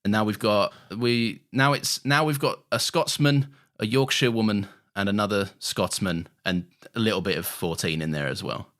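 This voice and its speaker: A man's voice: lowish voice, moderate pace, hardly any pauses, fairly bright tone. A man co-hosting a rewatch podcast in casual chat, talkative, with frequent stammered restarts. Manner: chatty, stammering restarts, laughs easily. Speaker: podcast co-host.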